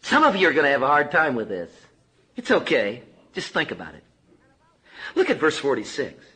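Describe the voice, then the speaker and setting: A man preaching a sermon with passion, swinging from loud cries to hushed low lines. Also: huge pitch swings, brisk, poor audio.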